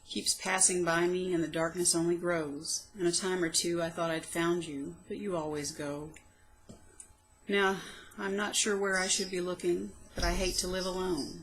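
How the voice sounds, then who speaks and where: A woman reading her own poems aloud, soft, slow and reflective, with plain spoken asides between them. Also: on the low side, a little hiss or hum, rough recording. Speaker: poetry reader.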